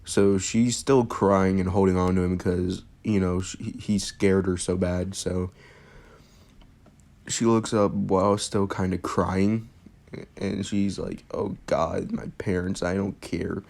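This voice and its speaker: A man's voice: low voice, fairly even intonation, takes it slowly, gravelly, darkish tone. A young man casually improvising a fan-fiction story, rambling with fillers and jokes. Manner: rambling, full of fillers and restarts, jokey.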